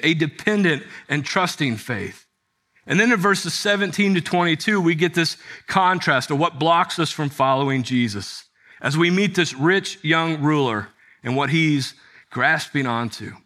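Bright-voiced male pastor preaching. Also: fairly high pitch, lively intonation, measured pace. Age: adult with children. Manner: conversational preaching with rhetorical questions. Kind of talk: sermon.

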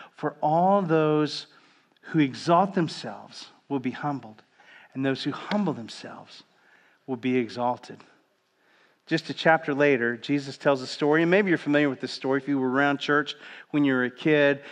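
A male pastor delivers a sermon in a fairly high voice. He moves between hushed, slow prayer and raised, emphatic preaching. He has his listeners repeat a prayer with him. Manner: leads the congregation in repeated prayer, drops to a hushed low voice.

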